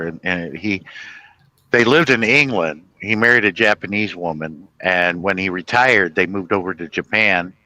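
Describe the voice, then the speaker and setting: A man telling funny stories in a casual chat, animated and rambling, laughing at his own tales. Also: deep voice, low-quality recording. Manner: chatty, with many restarts and "you know".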